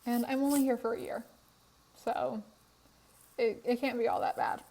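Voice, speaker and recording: A woman's voice: fairly high pitch, sing-song, normal speed, gravelly, dark tone, low-quality recording. A tired young woman with a worn voice, chatting casually in a voiceover about a game build, laughing often, recorded on her phone in her apartment. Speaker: Sims speed build creator. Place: apartment room.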